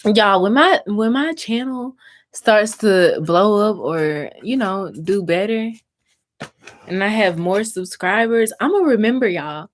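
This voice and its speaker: A woman's voice: mid-range voice, lively intonation, slow pace. A young adult woman from Mississippi with a Southern US accent, chatting casually with viewers on a crafting livestream and answering their comments.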